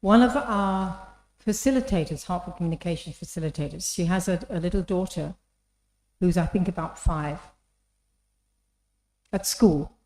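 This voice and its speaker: A woman's voice: fairly low pitch, normal speed, long pauses, a little mellow. A woman giving an inspirational talk in an engaging storytelling manner, often asking the audience questions. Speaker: speaker. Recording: echoey hall.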